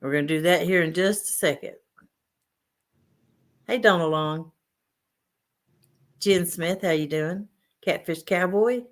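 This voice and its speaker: A woman hosting a casual fishing livestream, reading out chat names and greeting viewers. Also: on the low side. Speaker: livestream host.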